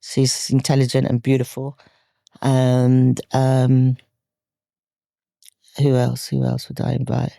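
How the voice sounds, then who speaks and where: A woman talks as a guest on a casual podcast, playful and animated, laughing easily. The studio sound is dry and close. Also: extremely low pitch, slow pace, vocal fry, long pauses, no echo. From London, England. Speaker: guest, comic actress.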